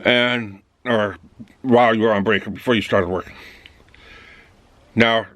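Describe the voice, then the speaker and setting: A man's voice: fairly low pitch, fairly even intonation, unhurried, fairly bright tone, no echo. Man rambling about work, dry sound. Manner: rambling, plays both sides of dialogues. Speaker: vlogger. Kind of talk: casual monologue acting out office scenes.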